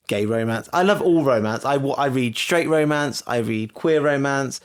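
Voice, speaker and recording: Animated man in casual chat. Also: mid-range voice, moderate pace, few pauses, smooth. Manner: animated, laughing, gushing. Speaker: podcast co-host.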